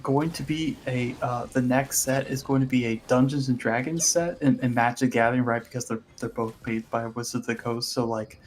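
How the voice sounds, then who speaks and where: A man in loose, unscripted gaming-stream banter. His pitch sits in an ordinary middle range, and he rambles through half-finished sentences and restarts, breaking into laughter often. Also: fairly even intonation, a little fast, hardly any pauses, a little hiss or hum. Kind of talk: casual gaming chat.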